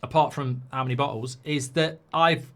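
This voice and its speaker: A man's voice: medium pitch, fairly even intonation, moderate pace, a bit bright. A man giving football predictions in a rambling, jokey way, often interrupting himself. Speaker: football pundit. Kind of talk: casual football predictions chat.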